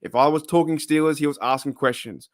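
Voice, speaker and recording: A man's voice: fairly high pitch, a little fast, no room sound. Rambling Australian man, dry sound. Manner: rambling, goes off on tangents, chuckles often. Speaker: channel host. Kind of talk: casual live-stream chat.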